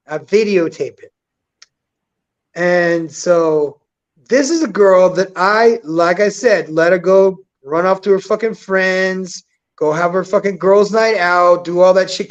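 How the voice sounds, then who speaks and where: High-voiced profane man telling stories. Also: a little slow. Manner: profane, blunt, animated, acts out quotes. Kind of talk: casual crude storytelling. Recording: dull lo-fi sound.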